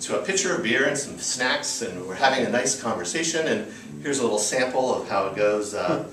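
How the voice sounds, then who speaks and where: A man's voice: medium pitch, lively intonation, a little fast. An American man in his thirties tells a personal story to a live audience in a loose, chatty way, full of fillers. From United States. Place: live storytelling show venue. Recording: roomy live venue, distant mic.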